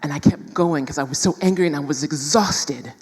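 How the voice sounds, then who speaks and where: A woman with a low voice tells candid, emphatic stories to a live audience, often calling them "y'all." Her voice carries a long reverb, as if in a big hall. She is a panel guest from New York City. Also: brisk. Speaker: guest speaker.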